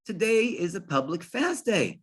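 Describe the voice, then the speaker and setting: A man's voice: a little high, sing-song, a little slow, fairly bright tone, heavily acted. A man voicing an anxious, pious village farmer who exclaims in panicked disbelief. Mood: alarmed.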